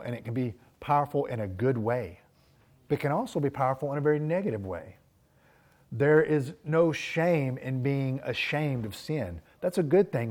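A man's voice: medium pitch, a little mellow. A man preaching a sermon, telling personal stories in an earnest, reflective way. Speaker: pastor.

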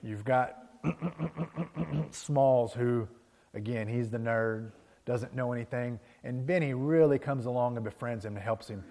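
A man preaching a sermon as a pastor, telling a story in a lively, conversational way and checking in with the congregation. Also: mid-range voice, measured pace, vocal fry. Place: church sanctuary. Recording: long hall reverb.

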